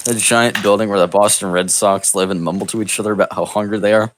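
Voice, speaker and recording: A man narrating an improvised comedic text adventure in a deadpan, mock-epic storybook manner over a voice call. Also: lowish voice, fast talker, slight background noise. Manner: deadpan, absurd storybook delivery. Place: online voice call.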